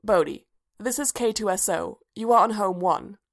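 A woman's voice: medium pitch, normal speed, lightly acted. A woman reading a story aloud, voicing a blunt, matter-of-fact male security droid.

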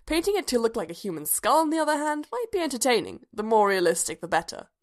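A woman voicing a dry, sardonic male droid in a storybook reading, with a deadpan manner. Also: fairly high pitch, fast, pitched above the performer's own voice.

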